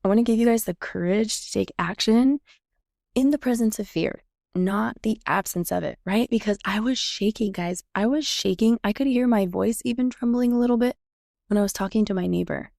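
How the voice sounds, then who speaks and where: A woman's voice: mid-range voice, moderate pace, gravelly, a little mellow, no echo, clean studio sound. A woman podcast host telling a personal story in a chatty way, acting out the lines of the people she talks about. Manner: chatty, reenacts quoted dialogue. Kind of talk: casual storytelling monologue.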